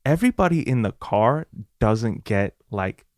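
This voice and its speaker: A young man co-hosting a podcast, telling a story with lively swings in his voice. His pitch sits in the middle, and the sound is dry and close. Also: a little slow, dry recording. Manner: animated storyteller, voices his own past lines. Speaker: podcast co-host. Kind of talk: casual chat.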